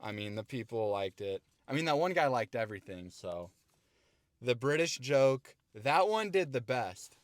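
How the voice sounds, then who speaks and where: A male comedian speaks in a relaxed, conversational vlog voice. He swears casually and weighs up his own material with offhand candor, his pitch sitting in a middle range. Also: moderate pace, dry recording, studio quality. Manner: laid-back, profane, self-critiquing. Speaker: stand-up comedian.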